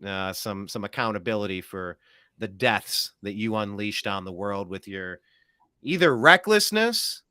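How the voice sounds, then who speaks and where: A man's voice: on the low side, lively intonation, measured pace, bright, forceful tone, clear, resonant tone, no room sound, clean studio sound. A man hosting a political talk show, ranting in an emphatic, sarcastic way. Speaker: host.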